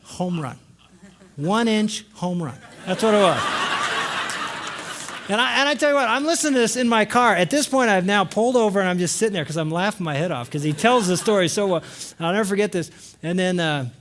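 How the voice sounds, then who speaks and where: A middle-aged man telling a story to a live audience at a marriage conference, acting out voices and shouting lines. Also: sits high, lively intonation, fairly quick, a little hiss or hum.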